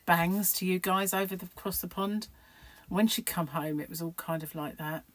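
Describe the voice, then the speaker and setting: A woman's voice: on the low side, normal speed, a little hiss or hum, rough recording. A middle-aged woman vlogging at home in a rambling, chatty, self-mocking way. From United Kingdom. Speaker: crochet vlogger. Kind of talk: casual chat to camera.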